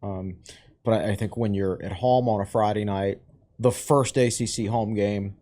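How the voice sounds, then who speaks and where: A man's voice: fairly low pitch, steady tone, moderate pace, warm tone. A man co-hosting a sports podcast, chatting casually and tossing in wry one-liners. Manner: wry quips. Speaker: podcast co-host.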